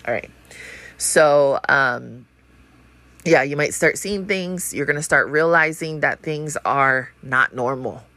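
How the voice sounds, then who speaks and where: A woman's voice: low voice, slow, sharp tone, no echo. A woman in her thirties talking in a blunt, profane and rambling way, full of fillers, in a casual monologue. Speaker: vlogger.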